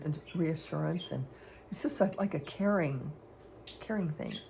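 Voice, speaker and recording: Woman vlogger, creaky low register, hesitant and meandering, personal stories. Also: darkish tone, a little hiss or hum. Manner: rambling, hesitant, with many fillers and restarts. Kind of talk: candid personal storytelling.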